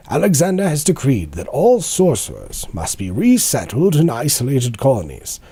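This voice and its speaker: A grave nature-documentary narrator, put on by a man reading game lore. The voice is dark and husky, drawn out slowly, with wide swings of pitch that give it drama. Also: full character voice. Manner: slow, dramatic storybook delivery.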